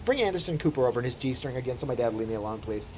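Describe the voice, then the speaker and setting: A bored deadpan teenage son, as a man voices him. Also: mid-range voice, very fast, slight background noise, voice pushed down, lightly acted. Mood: weary.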